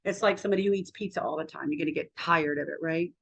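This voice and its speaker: A woman's voice: sits low, quick pace, creaky, husky. Candid woman in her fifties, rambling. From United States. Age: 50s. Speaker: health coach and vlogger. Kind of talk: casual personal vlog.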